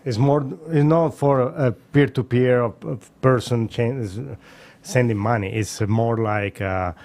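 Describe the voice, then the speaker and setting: A man joining a casual chat as a panelist, speaking haltingly and searching for words. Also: medium pitch, darkish tone.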